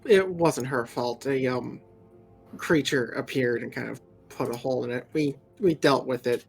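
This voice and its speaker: A player voices a character in a tabletop game. The speech is casual and joking, in a mid-range pitch. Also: moderate pace, gravelly, faint music behind. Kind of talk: tabletop role-play.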